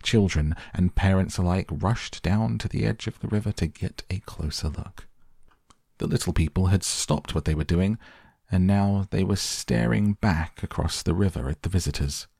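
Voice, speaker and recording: A man narrating an audiobook with measured storytelling, slowing down for effect. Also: sits low, creaky, dark tone, slightly rough, dry recording, clean studio sound. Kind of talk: scripted narration.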